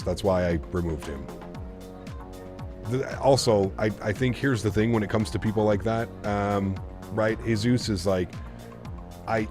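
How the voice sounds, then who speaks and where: Laid-back streamer with a low voice. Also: male voice. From Canada. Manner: rambling, reads chat messages aloud. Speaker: flight sim streamer. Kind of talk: casual live-stream chat.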